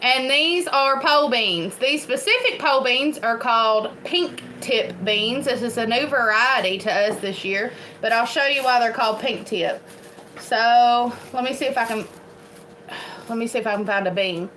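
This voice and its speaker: A woman's voice: fairly high pitch, normal speed, bright, forceful tone, slight background noise, poor audio. A woman from Eastern Kentucky with an Appalachian accent, chatting casually and rambling as a homestead vlogger, laughing often. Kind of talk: casual chat to camera.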